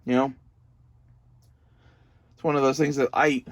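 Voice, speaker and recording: A man's voice: medium pitch, little pitch movement, measured pace, vocal fry, long pauses, dry recording. A young man, talking to the camera in a loose, profane, meandering monologue that turns emotional at times. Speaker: vlogger. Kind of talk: casual rambling monologue.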